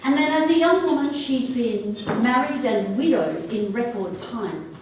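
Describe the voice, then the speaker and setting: A woman with an Australian accent telling a folk tale aloud, with a lilting, expressive delivery that drops to a hush in quiet passages. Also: on the high side, measured pace. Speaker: storyteller. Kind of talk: oral folk storytelling. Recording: echoey room, distant mic, faint noise.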